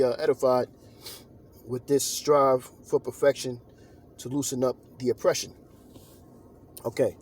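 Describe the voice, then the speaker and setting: A man's voice: mid-range voice, fairly even intonation, normal speed, long pauses, a little mellow, slight background noise. A man giving an informal scripture lesson, talking loosely with fillers and turning emphatic when he preaches. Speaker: religious teacher.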